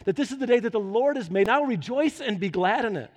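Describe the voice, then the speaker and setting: A man with a notably high voice preaches from the pulpit of a church. He moves from relaxed storytelling to fervent, urgent exhortation. His words ring out with a long hall reverb around them. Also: fast talker. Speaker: pastor. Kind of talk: sermon.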